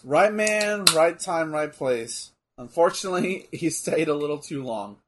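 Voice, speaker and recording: A man in casual chat about old wrestling, blunt and swearing freely, with animated bursts. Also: a little high, unhurried.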